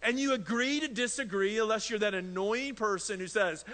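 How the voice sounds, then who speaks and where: A man's voice: high voice, moderate pace, few pauses, pushed and bright, long reverb tail. A man in his thirties preaching a sermon in a church, telling stories in a conversational way and acting out his young son and himself. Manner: conversational storytelling, mimics his toddler and himself. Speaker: pastor. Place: church sanctuary.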